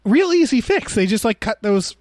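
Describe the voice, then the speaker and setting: A man with a notably high speaking voice talks loosely through a movie, stumbling into restarts and slipping into mock voices for quotes. The sound is dry and close, with no room around it. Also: very animated, normal speed, darkish tone, no room sound. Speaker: podcast co-host. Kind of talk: casual movie discussion.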